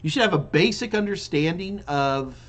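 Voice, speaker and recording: A man's voice: on the high side, animated, normal speed, fairly bright tone. A man hosting a live question-and-answer stream, reading out viewer questions and answering them in a loose, chatty way with many restarts, yawning now and then. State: yawning repeatedly. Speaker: live Q&A host and IT trainer.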